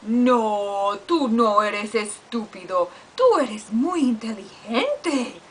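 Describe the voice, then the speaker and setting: A woman voicing a kind dog who gently comforts a sad friend in a soothing, reassuring way. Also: high voice, big pitch swings, slow pace, full character voice.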